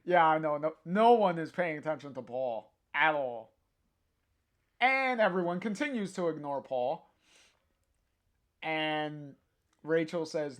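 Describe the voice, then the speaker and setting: A young man reads a comic aloud on a livestream, slow and unhurried, with a fairly high voice. He chats between panels, laughing often and trailing off into fillers and restarts. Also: animated, fairly bright tone. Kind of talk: casual live reading and commentary.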